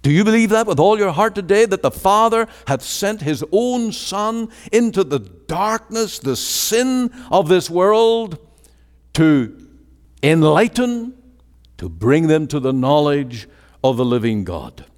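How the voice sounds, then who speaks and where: A man's voice: a little high, very animated, takes it slowly. Preacher guy giving a sermon, voice swings up and down a lot, long echo from the church hall. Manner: emphatic, rising and falling preaching cadence.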